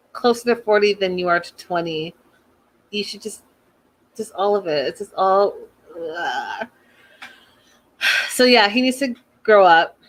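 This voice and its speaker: Chatty woman recapping a reality show. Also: on the low side. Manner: chatty and animated, sighs, exasperated rants. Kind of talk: casual recap commentary.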